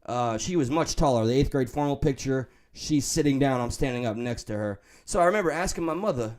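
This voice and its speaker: A man's voice: medium pitch, expressive, normal speed, darkish tone. Man, New York accent, casual livestream chat, profane, rambling, candid. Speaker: livestream host reading chat.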